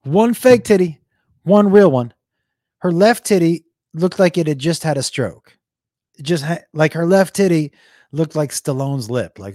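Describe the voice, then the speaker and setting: A young man tells a comic story, his voice swinging up and down and leaping into loud bursts. The sound is dry and close, with no room around it. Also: on the high side, measured pace, no echo. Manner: animated, jumps into shouted impressions. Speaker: comedian. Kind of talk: comedic storytelling.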